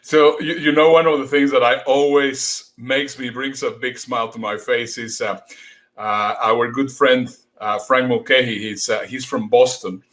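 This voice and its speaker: A man hosting a casual conversation, speaking haltingly with frequent fillers and laughs. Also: mid-range voice, fairly even intonation, fairly bright tone. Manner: halting, many fillers and restarts, laughs often. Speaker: host. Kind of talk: casual chat.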